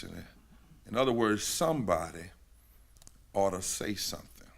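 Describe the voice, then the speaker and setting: A man preaching a sermon at a synagogue gathering, rhythmic and repetitive, building to shouted climaxes. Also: low voice, expressive, a little slow, creaky, pauses often. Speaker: pastor.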